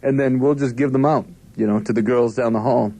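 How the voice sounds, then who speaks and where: A man's voice: medium pitch, fairly even intonation, brisk, dark tone, no echo. A male college radio co-host chatting loosely in a campus studio. He rambles, jokes, and restarts his sentences constantly, filling the gaps with ums and likes. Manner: rambling, joking, many fillers and restarts. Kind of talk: casual on-air banter.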